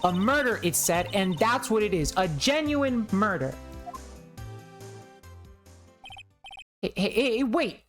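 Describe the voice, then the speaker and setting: A woman's voice: mid-range voice, very animated, normal speed, faint music behind, natural voice. A woman voicing a pushy young female reporter with a put-on Southern US accent, reading game dialogue aloud. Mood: excited. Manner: loud, pushy, boastful.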